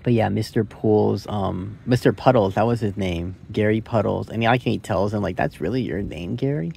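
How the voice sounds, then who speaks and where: A man's voice: lowish voice, steady tone, normal speed, vocal fry, darkish tone, slight background noise. A young man reviewing a movie into his phone in a casual, rambling way, cursing freely and thinking aloud. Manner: rambling, curse-laden, thinks aloud with many likes and rights.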